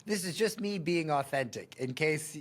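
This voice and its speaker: A man in his thirties hosting a reaction breakdown of a sales pitch, full of sarcastic asides and laughter. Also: animated, measured pace. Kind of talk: reaction commentary.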